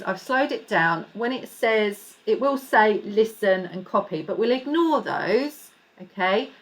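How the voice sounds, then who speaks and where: A woman teaching an online music lesson to children, speaking in an encouraging, clear way and slowing down to model words and clapping. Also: mid-range voice.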